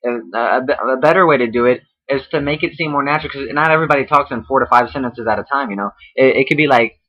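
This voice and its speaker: A man's voice: medium pitch, fast talker, highs cut off. A man giving casual spoken feedback on written promos, rambling and profane, with frequent restarts.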